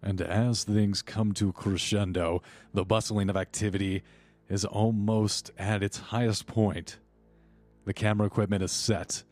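A man with a low voice narrates a tabletop game as its game master, setting scenes at an even pace. Soft music plays behind him. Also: a little slow.

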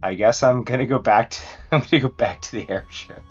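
A man playing in a tabletop game, quick and joking in casual chat. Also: medium pitch, husky, highs cut off, faint music behind. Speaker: player.

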